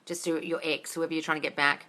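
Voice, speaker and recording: Woman coach on a phone live Q&A: low-ish, bright, forceful voice, blunt and sweary, says darling a lot. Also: flat delivery, quick pace. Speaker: manifesting coach. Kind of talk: live-stream Q&A.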